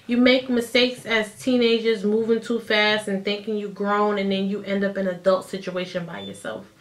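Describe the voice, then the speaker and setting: A woman in her thirties, telling a personal story to the camera in a chatty, animated way and acting out what others said. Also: medium pitch. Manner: animated, chatty, acts out quotes. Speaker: vlogger. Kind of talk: casual storytime.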